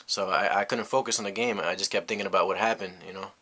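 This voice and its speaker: A young man from the US speaks with a fairly low, steady, sharp voice at a quick pace. As a vlogger, he shares a personal story in a rambling, reflective monologue packed with "you know."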